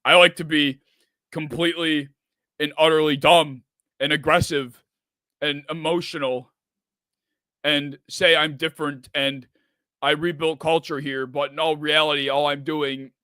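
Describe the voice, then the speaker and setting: A man's voice: a little high, little pitch movement, unhurried, long pauses, pushed and bright, smooth, no echo. A man putting on a sarcastic, boastful impression of a brash male football coach. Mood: mocking.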